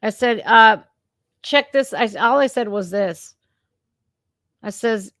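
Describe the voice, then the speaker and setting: Woman host going off, swearing a lot, kinda high voice, dry sound. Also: slow, long pauses, a bit bright, no echo. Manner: fired up, swearing, ranting. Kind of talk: casual reaction talk. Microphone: remote streaming setup.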